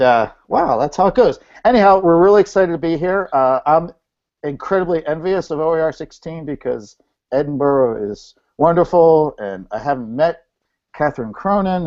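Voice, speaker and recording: A man's voice: a little high, darkish tone. A man hosting an online video call meetup, chatting casually and joking, with loose fillers as he calls on people. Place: home, coming in over a video call. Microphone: video call microphone. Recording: dull lo-fi video call audio.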